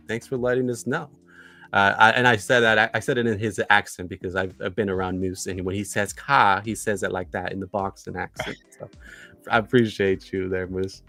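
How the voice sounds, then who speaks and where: A man's voice: fairly low pitch, a bit bright. A man hosting a livestream in a casual, chatty way, greeting viewers and reading their comments, with many fillers and repeated phrases. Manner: filler-heavy, repeats himself. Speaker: livestream host.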